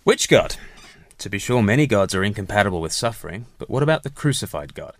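Male co-host, low-pitched, dry booth sound, snappy one-liners. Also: big pitch swings, no room sound. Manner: quick witty one-line retorts. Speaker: podcast co-host. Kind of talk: casual podcast chat.

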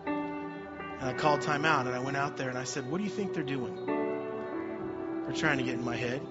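A man's voice: medium pitch, normal speed. Middle-aged male preacher, storytelling then emphatic, slightly dull recording. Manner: swings from quiet storytelling to loud emphatic preaching. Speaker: pastor. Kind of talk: sermon. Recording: slightly dull sound with faint music behind.

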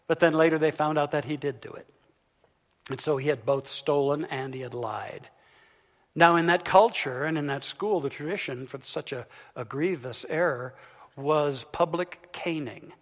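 A man giving a sermon, telling a story as he swings from loud, emphatic peaks down to soft, hushed lines. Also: fairly high pitch. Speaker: pastor. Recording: long hall reverb.

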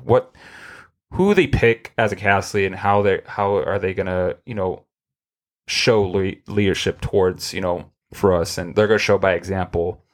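A man's voice: sits low, normal speed. A man hosting a podcast, talking in a rambling, profane way with many restarts. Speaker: podcast host. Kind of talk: casual chat.

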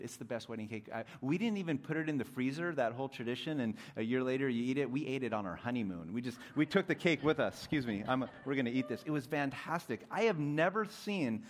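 A young adult man preaching a sermon as pastor, animated, dropping to soft intimate tones at times. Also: medium pitch.

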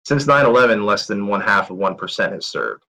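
Man telling war stories, low-voiced. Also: animated, brisk, pushed and bright, poor audio. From United States. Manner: candid, conversational, many fillers. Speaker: motivational speaker. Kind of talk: storytelling talk.

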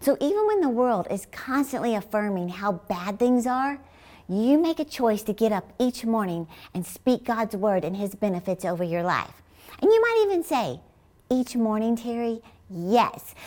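A middle-aged woman preaching a sermon in an emphatic manner, often rising to high exclamations. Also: mellow.

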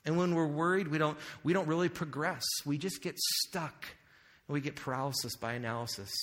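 A man's voice: fairly high pitch, a little fast, fairly bright tone. A male pastor preaching a sermon in a conversational way, asking the audience questions and making joking asides. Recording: long hall reverb.

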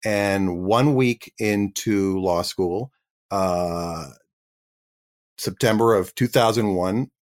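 A man's voice: low voice, takes it slowly. A man, a guest actor, telling his career story in a chatty interview with frequent restarts. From Canada.

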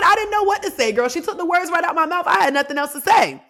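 A young adult woman hosting a podcast, telling a personal story in a casual, animated way with asides to her listeners. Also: sits high, quick pace. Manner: lively, animated retelling with laughs and asides to listeners. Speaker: podcast host.

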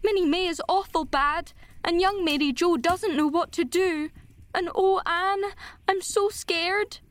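A woman reading an audiobook, voicing a frightened young girl who pleads urgently for help in a much higher voice. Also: lively intonation. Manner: breathless, urgent, slowed pleading.

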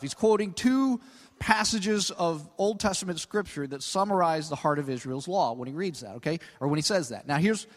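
Animated preacher with a lively high voice. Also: male voice, normal speed. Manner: conversational, peppered with 'okay?'; animated, stretches key words for emphasis. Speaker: pastor. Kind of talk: sermon. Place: large church hall. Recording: long hall reverb.

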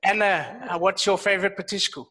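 A man hosting a casual podcast chat in a lively, teasing way, bringing his guests in one by one. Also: sits high, a little fast, low-quality recording. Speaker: podcast host.

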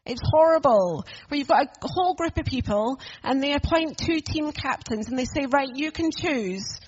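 A woman's voice: high voice, animated, normal speed, darkish tone, lo-fi sound. A woman preaching a sermon in a church, earnest and conversational, asking the room questions.

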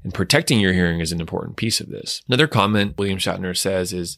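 Man, audiologist, calm explainer, educational commentary, gravelly tone. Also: low-pitched, fast talker, hardly any pauses, no room sound, studio quality. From United States.

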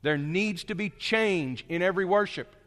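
A man's voice: normal speed, fairly bright tone. Man preaching in an echoing hall. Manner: dynamic, swings from low murmured asides to raised emphatic points. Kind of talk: sermon. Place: church sanctuary. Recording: long reverb of a large hall.

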